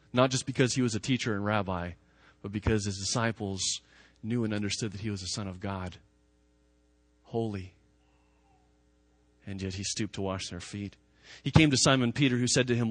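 A man's voice: on the low side, moderate pace, pauses often, fairly bright tone, dry recording. A man preaching a sermon as a pastor, talking conversationally and repeating words for emphasis.

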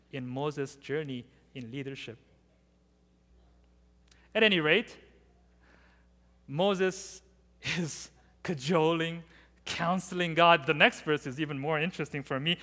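A man with a high, bright voice delivers a sermon, lively and dramatic as he acts out the passages he quotes. His words ring through a big hall with a long reverb trailing behind them. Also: unhurried, long pauses. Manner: animated, acts out scripture quotes. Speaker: preacher.

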